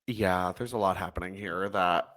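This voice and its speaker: A man's voice: low voice, moderate pace, a bit bright. A man co-hosting a podcast in casual chat, laughing often and filling gaps with ums. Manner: chatty, laughs often, many fillers. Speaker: podcast co-host.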